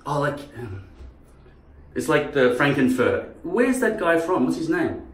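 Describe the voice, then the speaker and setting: A man's voice: fairly high pitch, very animated, a little slow. A man rambling casually on a vlog, swearing freely and drifting between topics. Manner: rambling, swearing, jumping into impressions. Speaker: vlogger. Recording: roomy sound from a distance.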